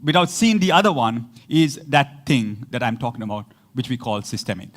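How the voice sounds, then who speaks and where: A man's voice: medium pitch, moderate pace. A man preaching a casual, conversational sermon, laughing often and acting out the people he quotes. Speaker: pastor.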